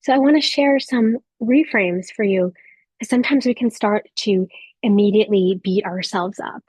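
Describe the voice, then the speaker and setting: A woman in her thirties giving a gentle motivational talk to a live audience of mothers, speaking softly with reflective pauses. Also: medium pitch, breathy edge, no echo. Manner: soft, warm encouraging delivery with reflective pauses.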